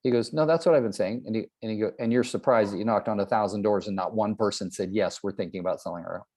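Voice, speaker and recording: An older man gives a motivational talk to real estate agents. His voice sits a little low, and he tells long stories from his career, slipping into the voices of the people in them. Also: fairly even intonation, fast, darkish tone. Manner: storytelling, acts out quoted people.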